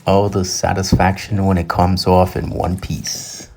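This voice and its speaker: A man narrates his boat projects in a voice-over with a deep, gravelly voice and a dark, mellow tone. His delivery is relaxed and matter-of-fact. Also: unhurried, slight background noise. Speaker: boating vlogger.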